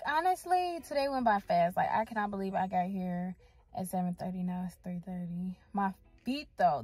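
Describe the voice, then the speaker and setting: Young female vlogger, unhurried and talkative, phone held at arm's length, faint music under her. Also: mid-range voice, poor audio. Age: young adult. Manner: chatty and expressive, lots of slang and fillers. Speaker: radiography student vlogger. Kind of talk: casual vlog chat.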